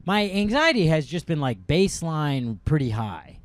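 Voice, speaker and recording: A man's voice: fairly high pitch, sing-song, moderate pace, no room sound. A man co-hosting a podcast, telling a rambling, self-deprecating story in casual chat. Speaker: podcast co-host.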